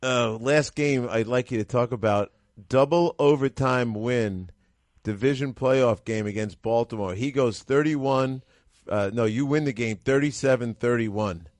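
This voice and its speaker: A man's voice: medium pitch, a little slow, a little mellow, dry recording. A male radio host asking questions, eagerly reciting stats and leading into each question.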